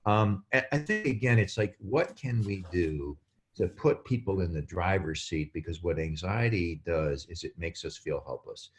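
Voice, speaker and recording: A man speaking as a guest on a podcast, explaining in an animated way and acting out quotes. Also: low voice, normal speed. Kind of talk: casual podcast chat.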